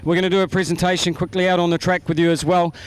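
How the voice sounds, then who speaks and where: A man's voice: high-pitched, level tone, racing, smooth. A man with a New Zealand accent interviewing drivers trackside after a race, upbeat and chatty. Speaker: pit interviewer. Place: outdoors at a speedway.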